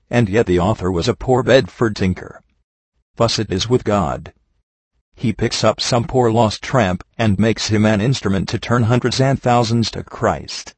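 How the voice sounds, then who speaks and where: A man with a somewhat low voice reads a sermon aloud, his tone husky. He keeps a steady, earnest preaching cadence. The sound is dry and close. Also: no echo. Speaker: reader of a sermon.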